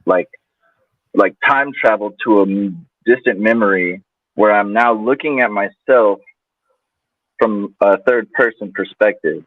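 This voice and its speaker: A man's voice: fairly low pitch, measured pace, dry recording. Man talking casually over a tinny line. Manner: casual, loose, many fillers. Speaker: guest. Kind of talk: personal storytelling in conversation. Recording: tinny phone-like line, dry.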